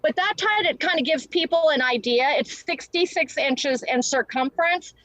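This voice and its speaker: High-voiced chatty woman, dry sound. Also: a bit bright, dry recording, low-quality recording. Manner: chatty, quick with many restarts and fillers. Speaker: guest entrepreneur. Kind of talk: casual interview chat.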